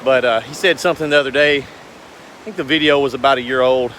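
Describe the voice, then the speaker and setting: A man's voice: medium pitch, brisk, fairly bright tone, a little hiss or hum. A man, talking casually to his viewers in a rambling, earnest, folksy way. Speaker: business owner vlogger. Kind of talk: casual talk to camera.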